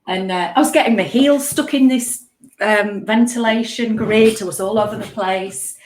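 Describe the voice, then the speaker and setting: A woman, a guest, chatting casually and telling stories with lively, self-mocking humour. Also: medium pitch, moderate pace, roomy sound. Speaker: guest speaker. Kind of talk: casual conversational chat.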